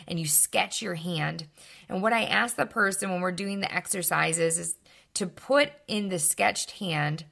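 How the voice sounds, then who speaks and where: Woman, young adult, low gravelly voice, measured earnest advice talk. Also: fairly bright tone. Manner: measured and earnest, slows to stress key words. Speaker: speaker giving life advice. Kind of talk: calm scripted talk to camera.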